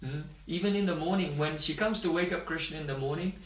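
A man giving a devotional talk as a spiritual teacher, telling stories and often pausing to check that his listeners follow. His voice sits fairly high for a man. The sound is roomy, and he is heard from some distance off the mic. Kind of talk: devotional discourse.

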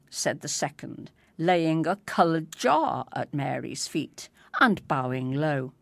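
Slow, lively-voiced woman storyteller. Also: low-pitched, creaky, dry recording, clean studio sound. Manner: unhurried, expressive storytelling. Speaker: reader. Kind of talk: storytelling reading.

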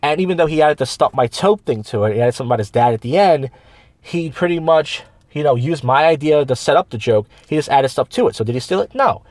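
Fast-talking rambling man, dry studio mic. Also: a little high, expressive, darkish tone, no room sound. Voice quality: rambling storyteller with many restarts and quoted voices. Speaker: podcast host, open mic comedian. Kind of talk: casual chat. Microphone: studio microphone.

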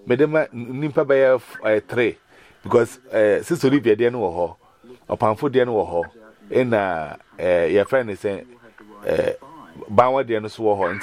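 A man with a Ghanaian accent giving a personal testimony over a video call, telling it with lively storytelling and his pitch leaping up and down.

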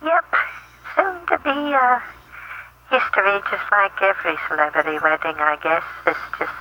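A man's voice: sits high, moderate pace, bright, forceful tone, exaggerated voice. A man playing a self-pitying caller whose celebrity wife left him, phoning in on a muffled line. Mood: sulky. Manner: mopey, self-pitying, touchy. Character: heartbroken man, ex of a pop star, calling in. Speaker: prank caller in a comedy bit.

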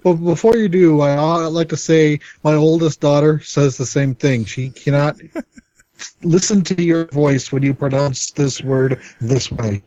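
A man's voice: a little high, a little slow, warm tone, no echo, lo-fi sound. A father co-hosting a podcast who chimes in with jokes in casual chat. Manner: joking interjections. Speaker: podcast co-host.

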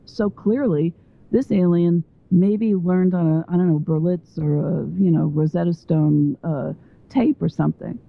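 A woman with a lowish voice talks at length over a tinny phone line. She rambles and digresses from one point to the next. She speaks as a guest author on the call. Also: measured pace, vocal fry, no echo. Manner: talkative and digressive. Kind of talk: phone interview.

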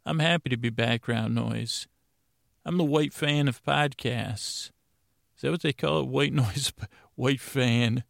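A man hosting a sleep podcast, rambling and stammering in a deadpan comedic monologue. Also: medium pitch, a little slow, creaky, no echo, studio quality. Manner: stammering, self-interrupting, deadpan.

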